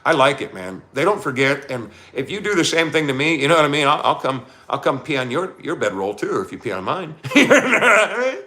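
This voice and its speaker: A man's voice: mid-range voice, bright, forceful tone. A man hosting a casual live stream, laughing often and talking straight to his chat. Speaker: livestream host.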